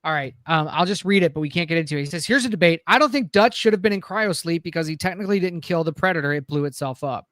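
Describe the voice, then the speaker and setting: A man co-hosting a casual podcast, hurried and argumentative, apologizing that he has to wrap up. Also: fairly high pitch, animated, a bit bright, no room sound, clean studio sound. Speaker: podcast co-host.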